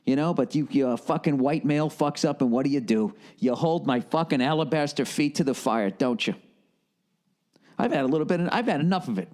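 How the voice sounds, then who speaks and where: A man's voice: a little high, animated, fairly quick, a little mellow. A man ranting sarcastically and profanely in a comedic podcast monologue, firing off mocking, incredulous questions. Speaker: podcast host.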